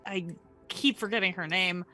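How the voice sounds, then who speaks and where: A woman playing a tabletop game, asking questions in an animated, inquisitive way. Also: on the low side, normal speed, soft background music, low-quality recording. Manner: animated and inquisitive, laughs often. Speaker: player. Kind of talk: tabletop role-play chat.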